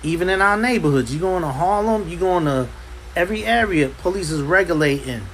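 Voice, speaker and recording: A man teaching a Bible class in an impassioned preaching style, forceful and hammering points home by repeating himself. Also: high voice, animated, fast, a little hiss or hum, rough recording. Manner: forceful, repeats "understand" for emphasis. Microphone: livestream.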